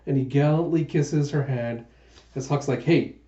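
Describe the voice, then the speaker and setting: A man reading a manga aloud in a casual way, often stopping to correct names. His voice is mellow and mid-pitched. The echoey room makes the sound a little dull. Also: moderate pace. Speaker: manga reviewer.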